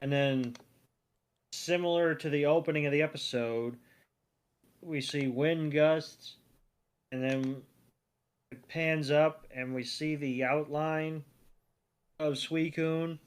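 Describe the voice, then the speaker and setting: A man's voice: a little high, steady tone, slow, long pauses, smooth. A man co-hosting a podcast, chatting casually through a cartoon episode with fillers and asides. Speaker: podcast co-host.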